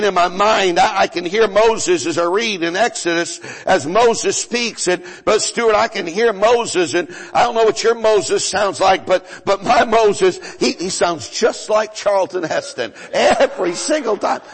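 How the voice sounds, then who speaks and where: A pastor preaching a sermon in a folksy, joking way, often stumbling and repeating himself. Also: male voice, high-pitched, unhurried, few pauses, slightly rough, long reverb tail, rough recording.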